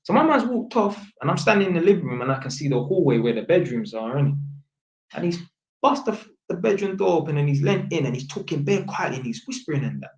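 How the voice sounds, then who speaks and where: A man's voice: a little high, sing-song, quick pace. A young man with a London accent tells a story in casual street slang, ending almost every line with "innit". He acts out the voices of people he quotes as he goes. The recording sounds roomy and a little muffled. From England. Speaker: vlogger.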